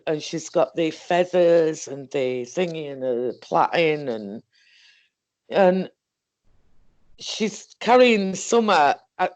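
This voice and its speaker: A woman with a Northern English accent telling a personal story in a halting, rambling way, correcting herself and restarting as she goes. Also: on the low side. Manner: halting, self-correcting, full of fillers and restarts. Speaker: guest recounting a paranormal experience.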